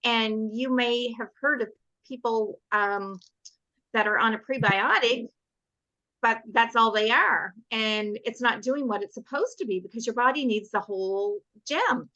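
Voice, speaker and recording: A bright, forceful woman on a casual group call, upbeat and enthusiastic. Her pitch sits a little high, and the audio is dull and dry like lo-fi call sound. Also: measured pace, dry recording. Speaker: participant on a product call.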